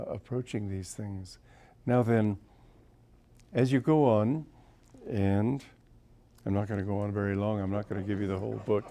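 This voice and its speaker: A man's voice: medium pitch, mellow. Genial older man with a sore throat. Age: 70s. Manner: genial storyteller, often chuckling. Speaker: spiritual teacher. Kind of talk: informal spiritual talk with anecdotes.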